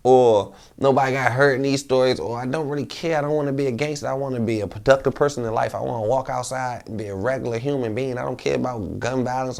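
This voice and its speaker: Casting: man with a gravelly voice, YouTuber recounting a street story in rambling, slang-heavy talk. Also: mid-range voice. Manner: animated, rambling, repeats himself, slang-heavy. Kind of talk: casual storytelling to camera.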